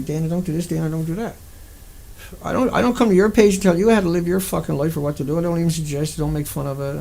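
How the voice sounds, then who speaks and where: A man's voice: a little high, gravelly, dark tone, breathy edge. A man delivering an angry, profane rant to his viewers, hurling insults. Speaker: video blogger.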